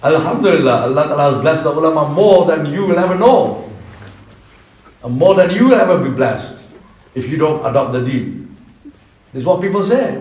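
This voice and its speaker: A man preaching a sermon in a mosque, telling an animated story with humorous asides. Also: a little high, a little fast. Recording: echoey mosque hall from far off.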